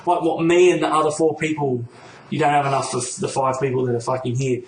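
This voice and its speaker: A man's voice: a little high, little pitch movement, quick pace. A man hosting a podcast, telling a story casually and swearing freely. He acts out both sides of the conversation he recounts. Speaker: podcast host. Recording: roomy echo with faint noise.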